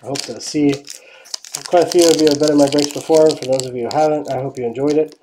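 A woman hosting a trading card break, giving casual running commentary and dropping to quiet mutters while she checks cards. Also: low-pitched, fairly even intonation, fast talker, heavy background noise.

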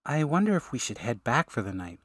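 A man's voice: medium pitch, sing-song, fairly quick, fairly bright tone, no room sound, clean studio sound. A man voicing a hesitant young woman on an adventure, in an audiobook.

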